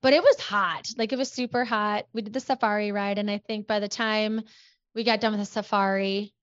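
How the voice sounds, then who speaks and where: A woman in her thirties from Minnesota, a podcast guest chatting quickly and animatedly with many "like"s. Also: mid-range voice, no echo, lo-fi sound. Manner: animated, talks fast with many "like"s. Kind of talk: casual chat.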